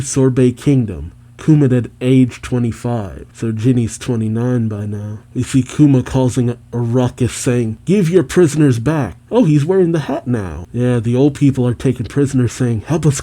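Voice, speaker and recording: A man reads a manga chapter aloud and reacts as he goes, breaking in with his own comments and the odd laugh. His voice is very dark and mellow, and his pitch sits in the middle for a man.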